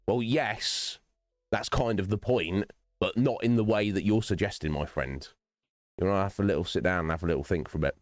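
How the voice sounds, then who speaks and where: A man hosts his own gaming livestream, chatting casually to viewers by name as he rambles philosophically and swears freely. His low voice runs a little fast, and the sound is clean studio audio with no room sound.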